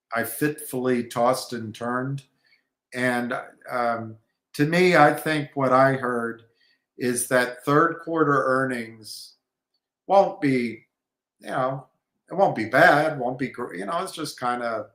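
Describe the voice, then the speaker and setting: A man giving rambling commentary on markets and trading, halting, with many restarts and fillers. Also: medium pitch, a bit bright. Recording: echoey room.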